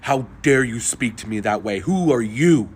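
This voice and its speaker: A man's voice: medium pitch, lively intonation, normal speed, breathy edge, voice pushed down. A man voicing an arrogant, old-fashioned diner who speaks dismissively and haughtily. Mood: haughty.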